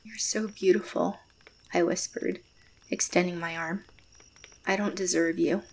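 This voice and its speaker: An actress playing a closed-off, reserved young woman, narrating her story in first person in a quiet, measured way. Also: on the low side, fairly even intonation, creaky. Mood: guarded. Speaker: narrator and lead character.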